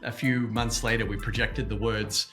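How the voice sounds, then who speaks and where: Bright-voiced storytelling man. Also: lowish voice, moderate pace, soft background music. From Australia. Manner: animated anecdotal storytelling. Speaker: guest, activist. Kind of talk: storytelling interview answer. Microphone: video call.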